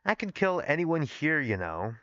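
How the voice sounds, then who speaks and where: A man's voice: fairly high pitch, sing-song, normal speed, fairly bright tone, dry recording. A man voicing a bratty, smug rich girl while reading his own story aloud on a dull, lo-fi stream mic. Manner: smug, taunting.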